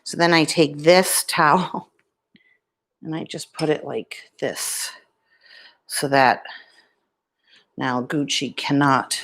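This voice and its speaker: A woman chatting casually on a live stream at home, showing her pet lizard and talking softly about it, into a plugged-in microphone. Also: deep voice, slow, long pauses. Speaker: vlogger.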